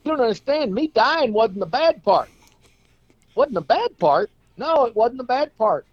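A man's voice: very high-pitched, big pitch swings, unhurried, dry recording, highs cut off, pitched above the performer's own voice, heavily acted. A man putting on a whiny, fretful rodeo clown. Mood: aggrieved. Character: glum, fretful adult male rodeo clown.

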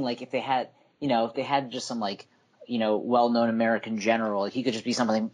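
Halting man in a podcast chat. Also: fairly low pitch, slightly rough. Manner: halting, heavy fillers and restarts. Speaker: podcast co-host. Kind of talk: casual chat.

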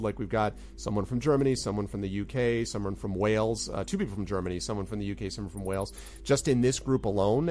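A man's voice: fairly low pitch, slight background noise. A man narrating a tabletop game as game master, rambling with lots of fillers.

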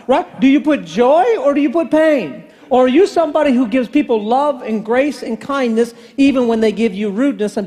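A man's voice: extremely high pitch, mellow. A male pastor giving a sermon in a chatty, joking storytelling manner with playful asides to the congregation.

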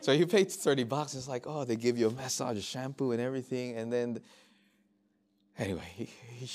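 A man's voice: medium pitch, fairly quick. A middle-aged man from Australia speaking as a missionary at a workshop, telling anecdotes and acting out conversations with frequent restarts. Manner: animated storyteller, acts out dialogue, frequent restarts. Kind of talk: informal workshop talk.

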